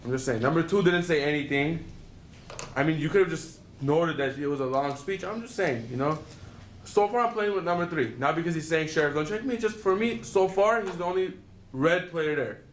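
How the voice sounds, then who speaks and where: A man making a quick, accusing speech as a player at a tournament game. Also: a little high. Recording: echoey noisy room.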